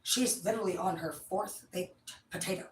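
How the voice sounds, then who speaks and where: A woman's voice: lowish voice, moderate pace, a little hiss or hum. Profane rambling woman in an echoey room. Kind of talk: casual rambling storytelling. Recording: echoey room, mic at a distance.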